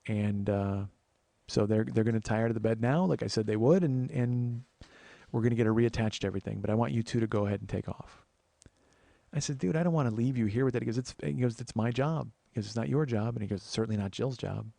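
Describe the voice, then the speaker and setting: A man's voice: medium pitch, fast, gravelly, warm tone, no room sound. A man hosting a podcast, telling a personal story in a profane, emphatic way with frequent restarts. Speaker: podcast host.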